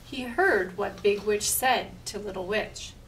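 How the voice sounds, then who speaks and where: A woman reading a picture book aloud at a library storytime, slow and expressive. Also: mid-range voice, distant mic, a little hiss or hum, rough recording.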